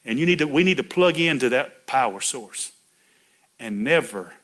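A man's voice: mid-range voice, expressive, moderate pace, a bit bright. A middle-aged man preaching a folksy sermon, chatty and laughing, calling out to people in the pews by name.

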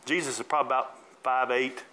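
A man's voice: medium pitch, fairly even intonation, quick pace, sharp tone, rough recording. A man preaching a sermon in colloquial style, asking the congregation to repeat after him and calling out members by name while dramatically retelling a Bible story. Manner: call-and-response preaching, calls congregants by name. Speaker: pastor.

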